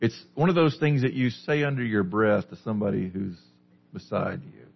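A man's voice: on the low side, lively intonation, moderate pace, gravelly, breathy edge, muffled recording. A man preaching a sermon as a pastor, teaching a small group with questions in a conversational way. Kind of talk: sermon, Bible study.

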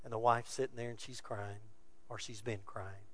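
A male pastor preaching a sermon, earnest and exhorting, his voice swinging from soft to loud. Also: lowish voice, fairly even intonation, moderate pace, slight background noise.

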